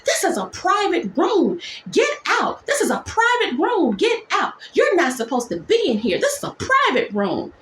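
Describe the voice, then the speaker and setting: A woman voicing an indignant new mother who shouts the same orders again and again. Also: huge pitch swings, a little fast, hardly any pauses, full character voice. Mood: outraged. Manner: shrill, repeating orders.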